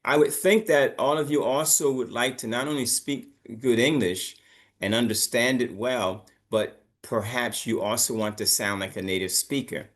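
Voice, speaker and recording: A man's voice: mid-range voice, normal speed. A man teaching an English pronunciation lesson, coaching students and repeating words for them to copy.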